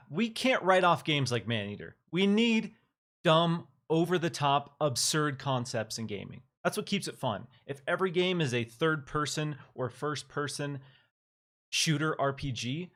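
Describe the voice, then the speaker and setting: A man hosting a casual live-streamed gaming chat, talking with animated energy and reading out viewer messages. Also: fairly high pitch. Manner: animated, reads viewer comments aloud. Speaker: podcast host.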